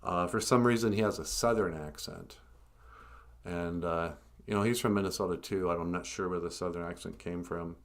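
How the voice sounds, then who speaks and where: A man hosting a casual live stream, talking hesitantly with many pauses and fillers. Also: sits low, fairly even intonation. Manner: hesitant, many ums and uhs. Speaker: host.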